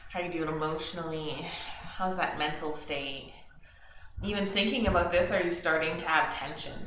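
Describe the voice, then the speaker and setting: Yoga teacher in an echoey room. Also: female voice, medium pitch. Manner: gentle, encouraging, conversational. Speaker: yoga instructor. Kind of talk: guided yoga class instruction. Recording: very echoey room with faint noise. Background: faint background noise.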